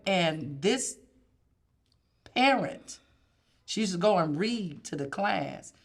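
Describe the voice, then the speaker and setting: Lively-voiced woman telling a story. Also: lowish voice, slow pace, long pauses. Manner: expressive, quotes herself dramatically. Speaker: host. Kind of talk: conversational storytelling.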